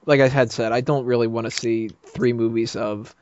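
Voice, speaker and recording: A man's voice: medium pitch, level tone, normal speed, darkish tone, slight background noise. A man chatting casually on a roundtable podcast, rambling with lots of fillers and laughing often. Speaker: podcast panelist. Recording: dull lo-fi mic, dry.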